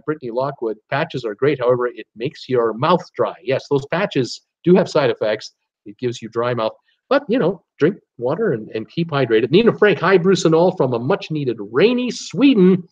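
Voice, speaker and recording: A man hosting a casual live stream, reading viewer comments aloud in a chatty way, with many fillers. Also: mid-range voice. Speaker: livestream host reading viewer chat. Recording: slightly dull lo-fi livestream audio.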